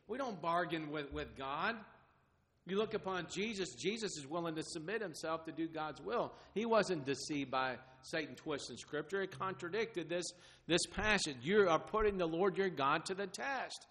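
A man preaching a sermon in an earnest, halting way, often repeating words and acting out the crowd's demands in quoted lines. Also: fairly high pitch, lively intonation, a bit bright. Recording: long hall reverb.

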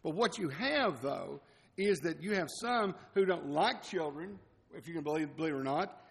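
A man preaches in a loose, conversational way, laughing softly at his own asides. His voice sits a little high for a man. It rings out in a church hall with a long echo. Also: animated, moderate pace, vocal fry. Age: 60s. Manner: folksy, chuckling asides. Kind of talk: conversational sermon.

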